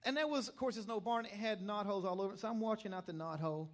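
With a high voice and rapid-fire delivery, a middle-aged man from Middle Tennessee preaches at a church revival. His Tennessee accent carries emphatic storytelling that climbs toward shouted calls.

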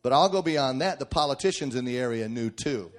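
A middle-aged man preaching a sermon, emphatic and folksy, swinging from shouted points to quiet joking asides. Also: medium pitch, expressive, brisk.

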